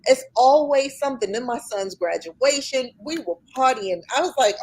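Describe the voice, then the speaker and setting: A woman's voice: high voice, lively intonation, moderate pace, hardly any pauses, slightly rough. Joking middle-aged woman guest. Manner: joking, self-mocking, slangy, laughs often. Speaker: singer, guest. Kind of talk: casual chat.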